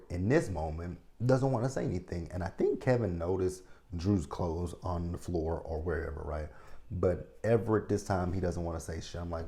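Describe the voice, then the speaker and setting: A man's voice: sits low, mellow. A man in his thirties recapping and reviewing a TV episode in casual talk, blunt and profane, often checking in with his viewers. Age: 30s. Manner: blunt, profane, ranting commentary; talks straight to viewers, checking in with "right?".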